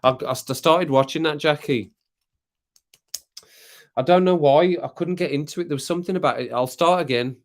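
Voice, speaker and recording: A man's voice: fairly high pitch, moderate pace, long pauses. A British man hosting a casual late-night live stream. He chats loosely with viewers while sipping rum, rambling, laughing often and coughing now and then. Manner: chatty, rambling, laughs often, reads comments aloud. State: drinking rum, occasional coughs.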